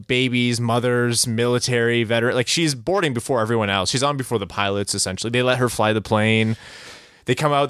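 A man co-hosting a casual podcast, telling stories in an animated, comic ranting way. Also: medium pitch, clear, resonant tone, dry recording, studio quality. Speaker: podcast co-host. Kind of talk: casual sports podcast chat.

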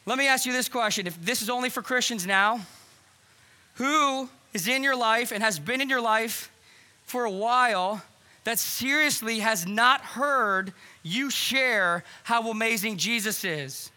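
Man, pastor, sermon, very high voice, earnest and urgent. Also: measured pace, pushed and bright. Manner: earnest, urgent preaching with quoted dialogue. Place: church hall.

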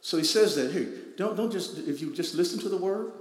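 Casting male pastor, somewhat high voice, emphatic repetitive preaching, roomy hall reverb. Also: a little fast. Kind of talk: sermon. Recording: echoey hall with long reverb.

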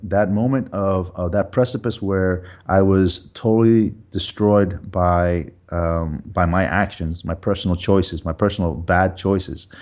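A man, a guest entrepreneur, telling personal stories in a lively, conversational way with many restarts. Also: low voice, dull audio. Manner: animated storyteller with frequent restarts. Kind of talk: conversational storytelling.

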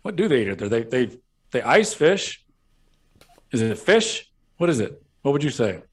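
Rambling, crude podcast co-host. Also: male voice, medium pitch, big pitch swings, normal speed, slightly rough. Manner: rambling, crude, laughs often, swears. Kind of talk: crude comedic podcast banter.

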